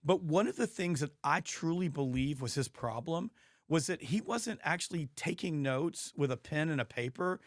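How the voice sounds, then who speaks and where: Male podcast host, hoarse, emphatic storyteller, higher-pitched, dry close sound. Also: expressive, normal speed, no room sound. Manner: emphatic storytelling with frequent restarts. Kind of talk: casual interview chat.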